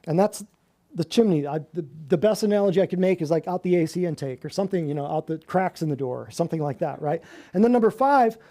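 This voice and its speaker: In an office room with a small live audience, a male natural health practitioner delivers a spirited lecture at a quick pace and a fairly high pitch. He questions the group, jokes, and laughs often.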